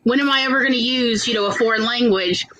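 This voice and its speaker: A woman telling funny stories in a casual chat with friends, wry and quick to laugh. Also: on the high side, a crowd in the background, rough recording. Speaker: guest in a writing chat.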